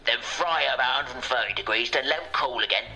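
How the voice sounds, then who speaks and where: An actor playing a smug, patronizing older football power broker who talks over a phone speaker. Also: male voice, medium pitch, quick pace, bright, forceful tone, soft background music, rough recording. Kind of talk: comedic audio drama acting.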